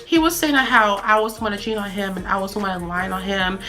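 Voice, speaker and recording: A woman's voice: mid-range voice, fairly even intonation, fairly quick, pushed and bright, soft background music. A young woman from the Boston area telling a story casually, chatty and full of fillers and restarts.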